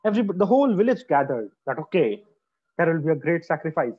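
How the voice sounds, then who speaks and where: A male storyteller narrating a folk tale to children, dramatic and expressive. His voice sits a little high. It comes through a video call with dull, lo-fi audio. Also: quick pace, slightly rough.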